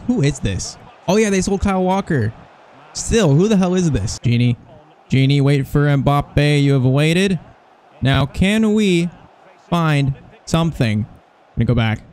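A young man commentating over his own football video game, excitable and jokey, swinging between hype and mock despair. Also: fairly high pitch. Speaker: gaming YouTuber.

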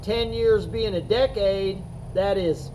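A middle-aged man coaching chess in an unscripted talk to the camera, rambling and repeating his points with emphasis. His voice sits high for a man and he takes his time. A faint hum stays underneath the whole recording. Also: slow, dark tone, poor audio.

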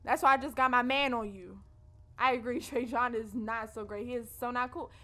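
A woman's voice: fairly high pitch, fairly even intonation, brisk, pushed and bright. A young woman hosting a let's play, chatting casually and expressively to her viewers in slangy talk. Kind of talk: casual gameplay commentary.

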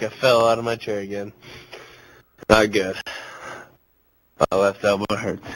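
A man's voice: fairly low pitch, fairly even intonation, slow, pauses often, a bit bright, no echo, poor audio. A drunk young man in casual gaming chat, giggling and rambling in a slurred voice. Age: young adult. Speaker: gamer on voice chat.

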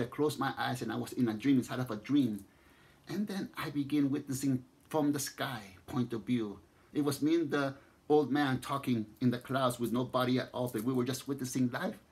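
A man with a Mexican accent narrates a legend at a relaxed pace. His voice sits in the middle range, and he often circles back and restarts his phrases as the story unfolds. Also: slightly rough. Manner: unhurried, repeats and restarts phrases, voices the figures with rising pitch. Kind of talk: spoken storytelling.

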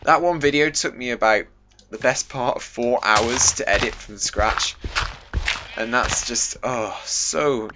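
Over a noisy background, a young British gaming video host speaks at medium pitch. His casual let's-play commentary is chatty, self-mocking and packed with jokey asides.

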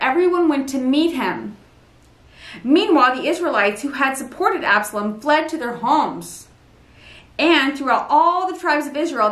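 High-voiced woman reading scripture. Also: fairly bright tone. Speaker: Bible reader. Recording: roomy echo, mic at a distance.

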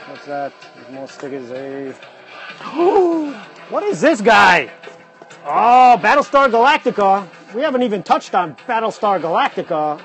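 A man hosting a casual livestream, excitedly exclaiming over items as he unboxes them on a phone mic. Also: high-pitched. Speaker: livestream host.

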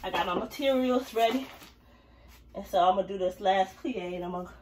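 A woman's voice: medium pitch, a little fast, slight background noise. A young woman vlogging her dance workout at home, chatty and out of breath, counting reps aloud to a distant camera. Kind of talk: casual workout vlog.

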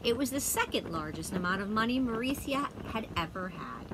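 Friendly woman reading a chapter book outdoors; lively, somewhat low voice, noisy outdoor recording. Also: a little fast. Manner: friendly, chatty with listeners. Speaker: storybook reader. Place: outdoors by a fire. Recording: loud outdoor noise. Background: wind and a barking dog.

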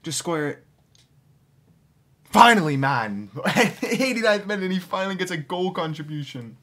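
A man reviewing a football video game card and then commentating his own matches, growing excitable and shouting and groaning at near misses. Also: high-pitched, normal speed. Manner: addresses viewers as boys. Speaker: gaming YouTuber. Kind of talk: player review and live gameplay commentary.

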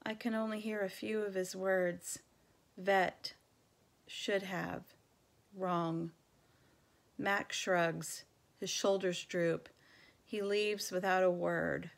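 A woman reading a children's novel aloud in a measured, gentle storytelling manner. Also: medium pitch, fairly even intonation, creaky. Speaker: reader.

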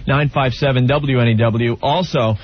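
A man hosting a radio show, reading phone numbers and promos briskly, on a dull radio recording. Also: mid-range voice, steady tone. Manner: brisk announcer reads. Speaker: radio host. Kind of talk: morning-radio banter and prank call. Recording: dull radio audio with music.

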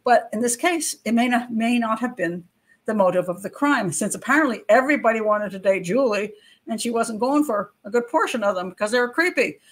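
A criminal profiler who hosts her own channel, this older woman delivers true-crime commentary in a slightly high, slightly fast voice. She offers frank, opinionated takes directly to her viewers, tossing in casual asides and rhetorical questions.

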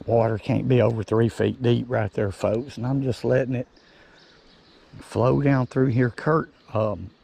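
Slow, gravelly fishing host. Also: male voice, mid-range voice, darkish tone, slight background noise. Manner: folksy, slow drawl, talks to viewers as folks. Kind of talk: casual outdoor fishing vlog. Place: outdoors by a cold creek. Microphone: chest-mounted camera.

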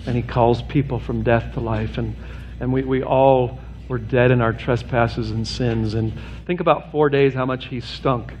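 A man's voice: fairly even intonation, a little slow, hardly any pauses, darkish tone. Male pastor preaching, earnest and direct, gets urgent, kinda dull-sounding church recording w faint hiss. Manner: earnest, rises in pitch and intensity toward an urgent appeal; preaching with humor and direct address to the congregation. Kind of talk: sermon. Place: church sanctuary.

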